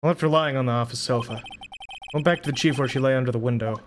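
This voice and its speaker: A man's voice: medium pitch, fast, slight background noise. A man streaming a video game, reading its text aloud and dropping crude asides. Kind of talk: live gameplay reading and commentary. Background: game music.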